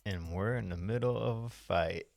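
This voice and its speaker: Man, deep voice, gravelly, podcast co-host, dry probing questions. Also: normal speed, a little mellow, no echo, soft background music. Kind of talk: casual chat.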